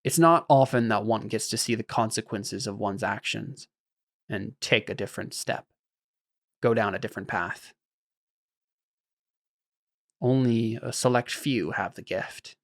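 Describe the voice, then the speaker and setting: Man doing a solemn alien, slow delivery, hushed, grave, knowing, tabletop game voice. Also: medium pitch, dry recording, clean studio sound.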